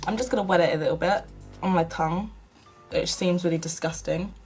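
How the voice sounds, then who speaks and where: A woman's voice: lowish voice, brisk, darkish tone, soft background music, rough recording. A young woman from the UK chatting casually through a makeup tutorial, self-mocking and often half-muttering to herself. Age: young adult. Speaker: beauty vlogger.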